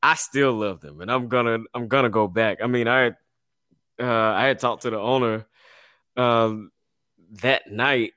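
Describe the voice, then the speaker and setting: A man's voice: mid-range voice, a little slow, sharp tone, dry recording, studio quality. A man hosting a casual podcast, telling stories in a slangy, laid-back way with frequent laughs and restarts. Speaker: podcast host and business owner.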